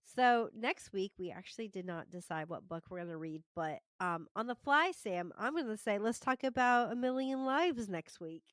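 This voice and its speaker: A woman's voice: medium pitch, animated, moderate pace, hardly any pauses, fairly bright tone, no room sound. Upbeat american woman chatting bout books, giggly, dry close audio. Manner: laughs easily, upbeat. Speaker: podcast co-host. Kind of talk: casual book review chat.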